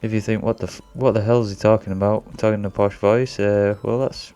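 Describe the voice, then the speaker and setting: A man's voice: lowish voice, fast, few pauses, dark tone, lo-fi sound, faint music behind. A man narrating a drawing tutorial as a voice-over in a put-on posh British accent, rambling and a bit self-conscious, as if winging it.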